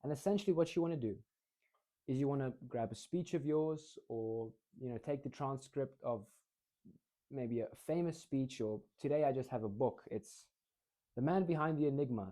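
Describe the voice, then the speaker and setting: A young man of eighteen talks straight to his viewers as a speaking coach, lively and quick to demonstrate. His voice is dark and mellow, sitting at a middling pitch. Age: teens. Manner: energetic, demonstrates fast, slow, low and high reading. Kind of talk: casual tutorial to camera.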